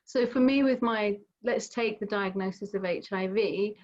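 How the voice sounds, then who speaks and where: A middle-aged woman gently guiding a mindfulness session over a video call, explaining with everyday examples. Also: medium pitch, moderate pace. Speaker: mindfulness teacher. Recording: slightly dull video call audio.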